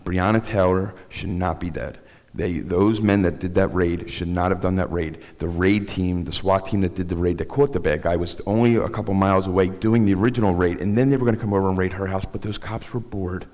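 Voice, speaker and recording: A middle-aged man giving a personal testimony as a guest speaker in a synagogue, rambling and halting with many restarts. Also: low voice, steady tone, darkish tone. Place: synagogue sanctuary. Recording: long hall reverb.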